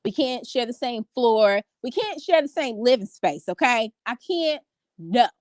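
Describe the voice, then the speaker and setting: Woman vlogger in her 30s, higher voice, dry close sound, chatty storyteller. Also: measured pace, no echo. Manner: animated storytelling with many fillers. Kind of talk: casual chat to a live audience. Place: home bedroom.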